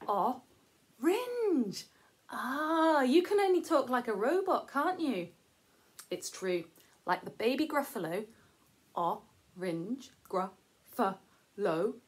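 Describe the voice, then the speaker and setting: A woman's voice: fairly high pitch, big pitch swings, slow, pauses often, slightly rough. A woman teacher giving a playful, sing-song lesson to young children.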